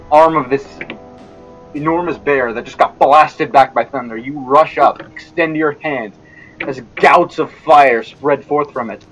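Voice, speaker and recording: An Australian man running a tabletop game as dungeon master, narrating scenes vividly over an online call. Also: poor audio. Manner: vivid descriptive narration, lively pitch.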